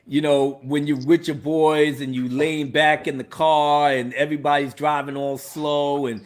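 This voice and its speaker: A man hosting a live stream in casual chat, animated and laughing, using street slang. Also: fairly high pitch, unhurried. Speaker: livestream host.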